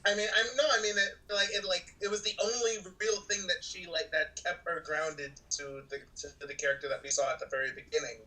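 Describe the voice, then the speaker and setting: A man's voice: a little high, steady tone, brisk, few pauses, pushed and bright, rough recording. A man co-hosting a podcast in casual chat, rambling and restarting as he works through his points. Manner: rambling, restarts and fillers while reasoning. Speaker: podcast co-host.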